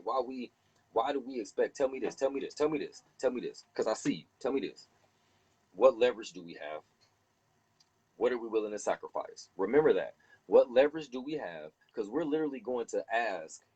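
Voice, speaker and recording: A man hosting a heated casual discussion, animated and profane, preaching and acting out other people. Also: medium pitch, breathy edge, rough recording.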